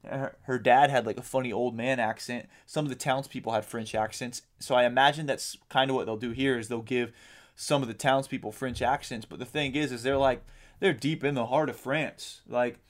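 A man's voice: mid-range voice, steady tone, brisk. Man musing in a rambling podcast chat. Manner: rambling, swears casually, many ums. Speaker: podcast co-host. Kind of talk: casual chat.

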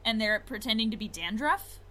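A woman co-hosting a casual podcast, talking in an animated, giggly way. Her voice sits high and sounds bright and forward. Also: brisk. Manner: chatty, animated, laughs often. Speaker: podcast co-host. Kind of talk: casual chat.

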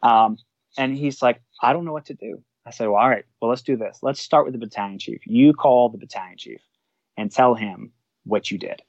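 A man's voice: mid-range voice, a little fast, no room sound, highs cut off. A man, a fire department supervisor, telling a work story in a casual way and acting out the quoted dialogue. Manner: animated, acts out quoted dialogue.

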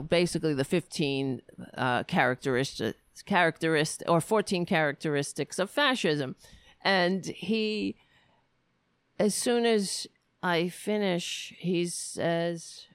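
A woman hosting a political show, telling a story in an animated, profane rant and quoting both sides of an argument. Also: on the low side, clear, resonant tone, no echo. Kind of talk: casual ranting commentary.

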